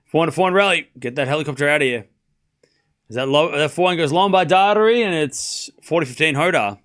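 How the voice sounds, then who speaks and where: For a stream audience, a young man gives casual play-by-play of a live tennis match, talking a lot, teasing himself, and fumbling player names. His voice is a little high, a touch fast, and a bit bright.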